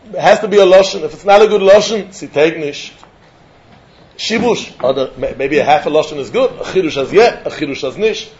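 High-voiced man giving a Talmud lecture. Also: brisk, highs cut off, a little hiss or hum. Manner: lively, questioning, mixes English with Yiddish and Hebrew terms. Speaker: Talmud teacher.

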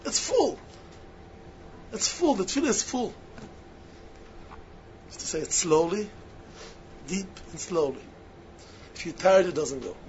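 A man with a high voice preaches in to his students. He hammers key phrases over and over, jumping from loud insistence to quiet, hushed asides. The recording is dull and lo-fi, with a faint hiss underneath. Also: sing-song, a little slow, pauses often. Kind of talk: sermon.

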